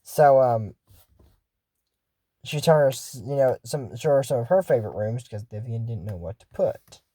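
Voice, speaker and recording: A man's voice: medium pitch, animated, moderate pace, mellow, no echo. A man giving a casual, jokey recap of a cartoon episode, rambling through asides and retellings.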